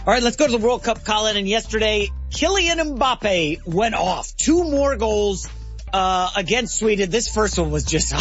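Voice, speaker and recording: A man co-hosts a sports talk show in a chatty, animated way. His voice is high and lively in pitch. Faint music sits under a slightly dull studio sound. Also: normal speed.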